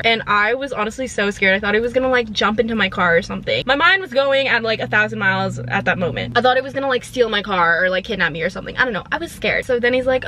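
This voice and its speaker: A woman's voice: mid-range voice, fast talker, few pauses, a little hiss or hum. A young woman chatting animatedly in a casual vlog, recorded in her car on a camera phone. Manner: chatty, animated retelling with quoted voices. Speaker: vlogger.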